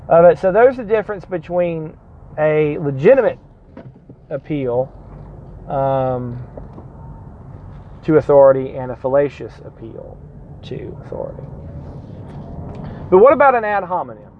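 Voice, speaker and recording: A man's voice: fairly high pitch, phone-quality sound, a little hiss or hum. A man from Georgia, hosting a rambling casual monologue full of self-corrections and sardonic asides.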